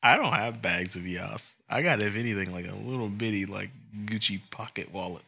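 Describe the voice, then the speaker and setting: Man, casual podcast co-host, teasing, fairly low voice, bright tone. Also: fairly quick, gravelly, breathy edge. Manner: joking, teasing, trails off softly. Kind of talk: casual chat.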